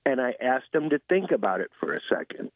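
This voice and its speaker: A man calling in to a radio show, speaking earnestly and slowing down on purpose to make his point. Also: medium pitch, big pitch swings, no room sound. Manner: earnest, slows down deliberately to stress his point. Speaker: radio caller. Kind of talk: call-in conversation. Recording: tinny phone line.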